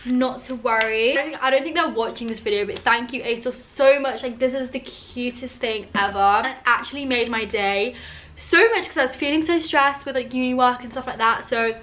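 A young woman chats into her camera at home, her voice sitting high. She gushes over each item, peppering her speech with "like" and "oh my god.". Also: fairly quick, a bit bright. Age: young adult. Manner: gushing, full of "like" and "oh my god". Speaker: vlogger. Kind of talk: casual unboxing vlog. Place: at home indoors. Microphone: handheld camera.

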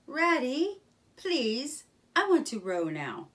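A woman's voice: high-pitched, wildly swooping pitch, slow pace, fairly bright tone, distant mic, voice pushed up, heavily acted. A woman putting on a breathless, awestruck young mole. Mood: awed, eager. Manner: breathless, gasping wonder. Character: excitable wide-eyed young male mole.

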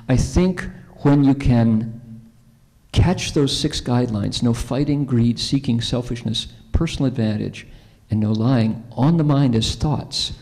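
A man's voice: mid-range voice, vocal fry, darkish tone. A male Buddhist monk giving a conversational conference talk, telling stories and asking the audience questions. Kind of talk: conference Dharma talk with storytelling. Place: convention centre hall. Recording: long hall reverb.

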